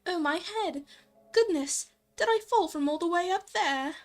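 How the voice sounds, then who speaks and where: A woman's voice: extremely high pitch, expressive, measured pace, soft background music, voice pushed up. A woman voicing a curious, polite young British woman in a shaky, put-on posh accent. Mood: puzzled.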